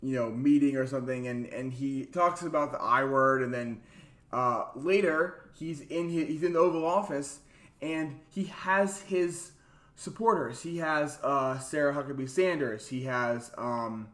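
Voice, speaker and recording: A young man co-hosting a casual political chat, chatty and quick to laugh, with mocking asides. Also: mid-range voice, fairly bright tone. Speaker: podcast co-host.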